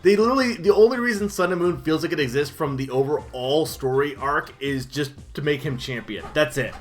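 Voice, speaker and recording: A man's voice: fairly high pitch, brisk. A man streaming a game and chatting casually, rambling with lots of fillers and self-deprecating asides. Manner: rambling, full of um and like, laughs at himself. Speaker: gaming streamer. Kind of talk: casual let's-play commentary.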